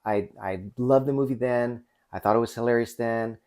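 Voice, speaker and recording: Rambling through a casual movie review with no script, a man in his forties keeps restarting and filling gaps with fillers. He speaks at a normal speed in a medium-pitched, darkish voice.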